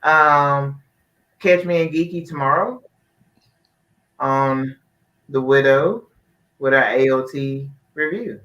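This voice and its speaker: A man's voice: medium pitch, takes it slowly, long pauses, fairly bright tone. A man talking in a laid-back, slangy way as a guest on a casual online show, filling his speech with "you know". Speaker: guest co-host. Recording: dull lo-fi audio.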